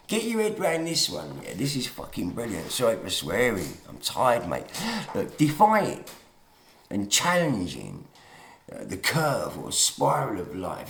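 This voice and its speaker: Rambling man, roomy echo. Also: a little high. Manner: meandering, swears, drops to mutters then rises to emphatic outbursts. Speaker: YouTube monologuist. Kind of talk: rambling to-camera monologue. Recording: roomy, echoey room sound.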